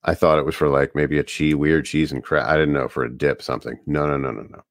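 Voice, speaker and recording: A man from the Northeastern US co-hosting a podcast in casual chat, telling rambling, animated stories. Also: very deep voice, quick pace, dry recording, studio quality. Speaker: podcast co-host.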